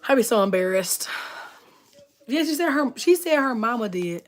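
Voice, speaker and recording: Hosting a casual livestream, a woman with a somewhat high voice tells rambling stories packed with "like" at a moderate pace, pausing often. She's expressive, laughs a lot, and greets viewers in the chat.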